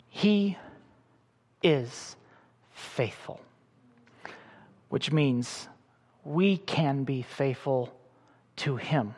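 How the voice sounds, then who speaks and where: A middle-aged man preaching a sermon as pastor, animated, with sudden loud bursts and soft drops. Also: on the high side, in a large hall.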